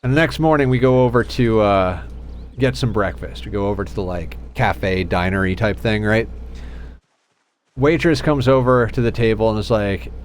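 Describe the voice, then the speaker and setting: A man's voice: lowish voice, normal speed, slight background noise. Rambling man telling a story. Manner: rambling, laughing, acts out friends' voices. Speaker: streamer. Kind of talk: casual storytelling while gaming.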